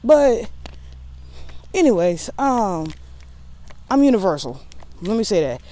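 A woman's voice: mid-range voice, very animated, a little slow, mellow. A woman vlogger in casual talk to camera, candid and rambling with a sassy edge.

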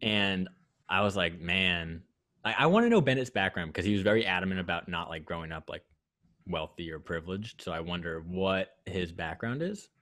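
A young man chatting casually as a podcast co-host, his voice sitting on the low side. He rambles, stops and restarts his sentences, and circles back to his points. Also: lively intonation, fairly bright tone. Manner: rambling, halting with many restarts. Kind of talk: casual chat.

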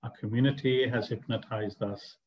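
A man's voice: medium pitch, steady tone, moderate pace, low-quality recording. A man teaching a spiritual study group, explaining ideas earnestly and asking the class rhetorical questions. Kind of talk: class discussion lecture.

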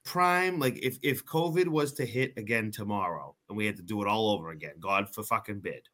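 A man's voice: on the low side, brisk, bright, forceful tone. A man co-hosting a podcast in casual chat, joking, swearing freely and trailing off with fillers. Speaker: podcast co-host.

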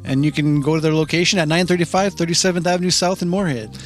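A man co-hosts a relaxed drinks podcast, his voice sitting a little high. He reads sponsor plugs plainly and then slides into joking banter. Faint music plays underneath. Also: fast talker. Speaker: podcast co-host. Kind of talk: casual podcast chat.

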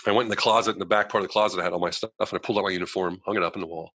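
Fast-talking deep-voiced man telling his story. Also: dry recording. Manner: animated, acts out quoted voices, frequent "you know" fillers. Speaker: guest. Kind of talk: personal storytelling in conversation.

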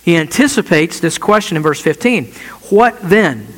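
A man preaching a sermon as pastor, reading scripture with emphasis and closing in a quiet prayer. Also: on the high side, sing-song. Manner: earnest preaching, slowing and dropping soft in prayer. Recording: long church reverb.

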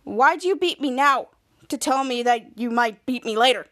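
A woman's voice: high-pitched, moderate pace, a bit bright, dry recording, studio quality. Woman doing a whiny teenage boy. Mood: exasperated.

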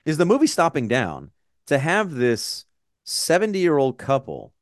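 A man co-hosting a casual movie review podcast, ranting and swearing with animated exasperation. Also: on the high side, a little slow, no room sound, studio quality. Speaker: podcast co-host.

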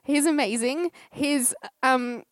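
A woman's voice: sits high, slow pace, dry recording. A woman giving a short sermon, telling a heartfelt story with quoted dialogue.

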